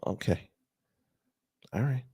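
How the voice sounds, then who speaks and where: A man's voice: slow, dark tone. A man doing casual reaction commentary, talking back at a clip with sarcastic, mocking remarks.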